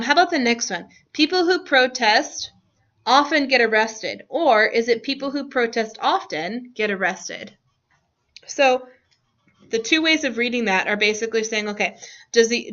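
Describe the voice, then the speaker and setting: A woman's voice: fairly high pitch, fairly bright tone. A woman teacher leading a classroom lesson, asking students questions and laughing often. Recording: dull lo-fi classroom recording.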